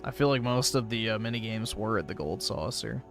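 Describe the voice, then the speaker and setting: A man co-hosting a casual gaming chat, calmly pushing back with matter-of-fact points. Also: lowish voice, brisk, vocal fry, faint music behind. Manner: calm, matter-of-fact, correcting. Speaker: co-host.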